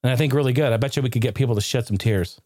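A man hosting a podcast in casual chat, animated, profane and joking. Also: medium pitch, rapid-fire, dry recording, studio quality. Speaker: podcast host.

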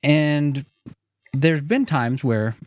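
A man's voice: on the high side, very slow, a little mellow, no room sound. An American man hosting a podcast, chatting in an easygoing, enthusiastic way into a studio microphone. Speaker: podcast host. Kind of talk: casual podcast chat.

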